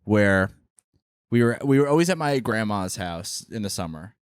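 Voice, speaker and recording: A man's voice: lowish voice, expressive, moderate pace, clear, resonant tone, dry recording, studio quality. A man co-hosting a podcast, telling stories in casual chat, swearing freely and laughing as he talks. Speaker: podcast co-host.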